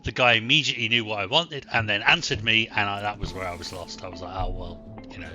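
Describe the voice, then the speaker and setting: A man's voice: lowish voice, quick pace, music in the background. A man with an Irish accent, co-hosting a podcast in a casual, chatty, self-deprecating way. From Ireland. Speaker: podcast co-host. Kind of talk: casual chat.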